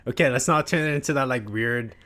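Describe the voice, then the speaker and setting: A man's voice: mid-range voice, quick pace, sharp tone. A man in his thirties co-hosting a podcast in casual chat, rambling and filling his talk with "like". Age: 30s. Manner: rambling, heavy use of filler "like". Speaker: podcast co-host.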